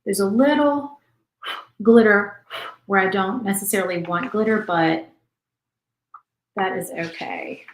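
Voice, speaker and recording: Woman chatting through a live craft stream, thinking out loud while she paints, roomy echo. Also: medium pitch, measured pace, pauses often, slight background noise. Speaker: crafting livestream host. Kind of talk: casual live crafting chat.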